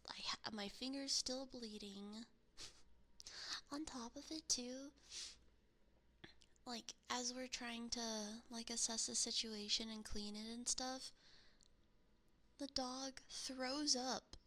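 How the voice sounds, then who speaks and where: A woman's voice: a little high, steady tone, slow pace, pauses often, sharp tone. A woman streamer telling a rambling story in whispered ASMR chat into a binaural mic, breaking into giggles often.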